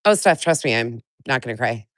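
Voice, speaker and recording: A woman's voice: rumbling low, animated, brisk, fairly bright tone, no echo, clean studio sound. A woman with a stuffy nose from a cold, hosting a casual live stream, greeting chatters by name and venting bluntly with plenty of swearing. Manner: greets chat viewers by name. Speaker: livestream host.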